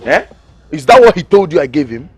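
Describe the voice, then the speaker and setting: A man's voice: a little high, sing-song, a little fast, darkish tone, slightly rough, faint music behind. An actor with a Nigerian accent playing a greedy, brash young man who argues for his commission. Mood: defiant. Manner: brash, argumentative. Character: greedy cheeky young man taking cuts.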